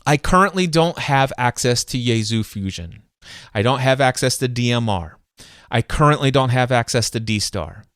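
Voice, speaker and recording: Heard in clean studio sound without room noise, a podcast host with a mid-range voice and moderate pace tells his stories excitedly. He brings them to life by imitating voices and sounds, though he often stumbles and starts his sentences again.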